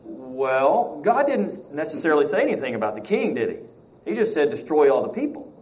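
A man's voice: on the high side, sing-song, moderate pace, a little mellow, a little hiss or hum, rough recording. A man teaching a Bible study class, reading passages aloud and asking the class questions. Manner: reads scripture aloud, acts out quotes, asks the class questions.

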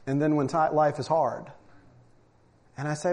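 Guy preaching a sermon, reads scripture, punchy emphatic delivery, kinda high voice. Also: expressive, a little slow. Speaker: pastor.

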